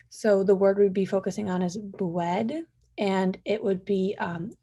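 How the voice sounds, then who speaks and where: A woman's voice: mid-range voice, dark tone, husky. A young woman giving a class presentation, hesitant, with frequent ums and likes. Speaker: student presenter.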